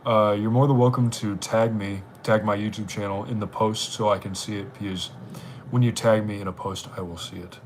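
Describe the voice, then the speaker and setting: Casual male streamer, mid-pitched and rambling, with a faint hiss in the background. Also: fairly even intonation, fairly quick. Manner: rambling, chatty. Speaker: livestream host. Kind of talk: casual live-stream chat.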